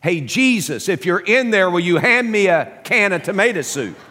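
A man's voice: on the low side, lively intonation, moderate pace, a bit bright. A scared little boy, as a preacher puts him on. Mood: calling out. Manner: fearful, pleading. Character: scared five-year-old boy.

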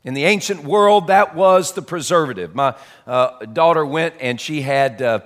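A man with a somewhat high voice, speaking at normal speed, preaches as pastor in a church sanctuary. His sermon is conversational, folksy and chatty, with self-deprecating asides, and the recording carries long hall reverb.

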